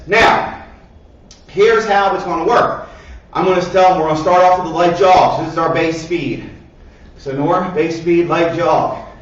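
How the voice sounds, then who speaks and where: A fairly high-voiced man coaches a kids' workout class and counts down each set with steady encouragement. He exercises alongside his students as he talks. His voice comes from some way off the mic in a big, echoey room, and the recording sounds dull and lo-fi. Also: distant mic. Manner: encouraging, counts reps aloud; exercising along while talking. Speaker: martial arts instructor leading a kids' PE class.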